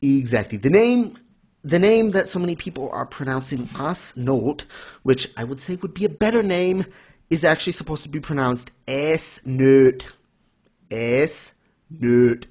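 A man's voice: fairly high pitch, animated, fairly quick, slightly rough. A man co-hosting a casual anime discussion, explaining things in a mock-formal lecturing way and correcting himself as he goes. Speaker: podcast co-host.

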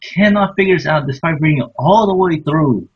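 A man's voice: on the high side, moderate pace, slightly rough. A man chatting as co-host, playful and teasing, often restarting his sentences. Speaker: podcast co-host. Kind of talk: casual fan discussion. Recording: dull lo-fi sound.

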